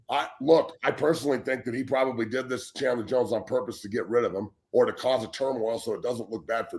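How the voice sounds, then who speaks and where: Co-hosting a talk show, a man of around forty who played pro football launches into a heated, casual rant. His mid-range voice tells the story bluntly, profanely, and with emphasis.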